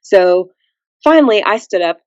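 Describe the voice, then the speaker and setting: A woman's voice: mid-range voice, a little slow, no room sound, muffled recording. A woman guest on a podcast, chatting casually and acting out the people in her story. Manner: animated storyteller who acts out quotes.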